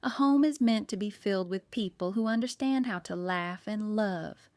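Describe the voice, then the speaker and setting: A woman narrator reading a steady detective woman who speaks gravely and earnestly. The voice is smooth, close and dry. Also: mid-range voice, normal speed, no echo, natural voice.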